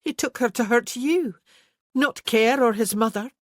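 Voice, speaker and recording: A narrator voicing a quick-witted young Highland woman who speaks with urgent, breathless intensity in a historical romance audiobook. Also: fairly bright tone, no echo, studio quality, natural voice. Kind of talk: audiobook character voice.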